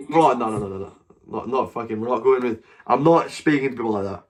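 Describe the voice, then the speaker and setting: A man's voice: mid-range voice, expressive, quick pace, breathy edge. A man with a Scottish accent hosting a live stream, bantering crudely with strangers and swearing freely. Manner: crude, swears freely, loud mocking outbursts.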